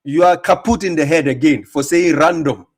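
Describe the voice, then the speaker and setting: A man with a fairly high voice talks at normal speed. As host of a video reaction commentary, he's derisive and emphatic, often breaking into laughter and repeating himself.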